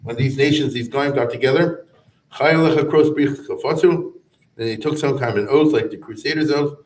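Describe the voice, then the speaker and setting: Rabbi lecturing in an echoey room. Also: male voice, mid-range voice, a little fast, darkish tone. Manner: conversational, chanting Hebrew verses then translating, many asides. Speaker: rabbi teaching a class. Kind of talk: informal explanatory lecture. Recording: echoey room, mic at a distance.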